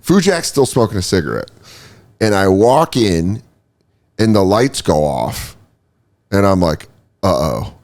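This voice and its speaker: A man's voice: fairly low pitch, a little slow, pauses often. A man in casual podcast chat, telling a story with lots of acted-out reactions and casual swearing. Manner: animated storyteller acting out his own reactions; swears freely.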